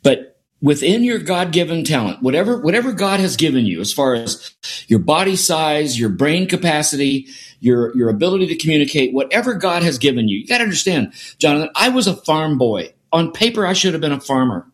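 Speaking fairly quickly in a fairly high, sing-song voice, a middle-aged sport performance scientist is being interviewed as a guest. He relates a story with earnest sincerity, leaning on repeated phrases for emphasis.

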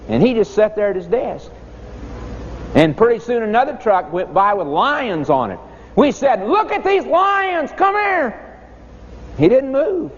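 Man, preacher, folksy storytelling sermon, lively high voice, long hall echo, muffled sound, faint hiss. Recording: dull echoey hall recording.

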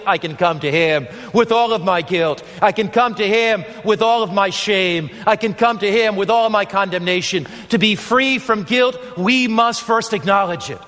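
A man's voice: high-pitched, a bit bright. A male pastor preaching an evangelistic sermon, earnest and emphatic, repeating his phrases. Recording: long hall reverb.

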